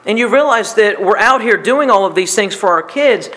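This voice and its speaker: A man with a notably high voice delivers a sermon. He drives points home by repeating them in earnest preaching cadence. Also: expressive, moderate pace, pushed and bright. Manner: preaching with emphatic repetition. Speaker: pastor.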